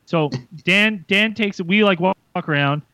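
A man's voice: high voice, measured pace, bright, forceful tone, dry recording. A man hosting a podcast, telling a story animatedly with swearing and acted-out quotes. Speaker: podcast host. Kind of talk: casual chat.

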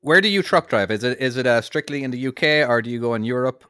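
A man's voice: mid-range voice, lively intonation, fast, bright, forceful tone, clean tone, dry recording, studio quality. A man co-hosting a casual podcast, asking questions in a hesitant way and restarting his sentences.

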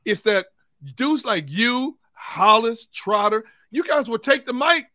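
A man's voice: very high-pitched, animated, measured pace, sharp tone, no echo, studio quality. A man hosting a sports talk show, telling locker-room stories and laughing through them. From United States. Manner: storytelling, laughing through anecdotes.

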